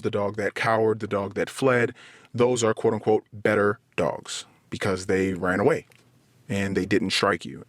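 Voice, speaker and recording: A man's voice: lowish voice, no echo. A man hosting a podcast, talking earnestly on his own, blaming himself and working through long everyday analogies. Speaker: podcast host. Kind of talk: solo reflective monologue.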